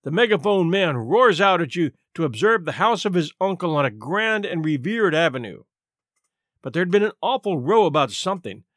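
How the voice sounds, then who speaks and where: Male narrator, animated theatrical reading, fairly high voice, dry close studio sound. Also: no echo. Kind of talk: scripted narration.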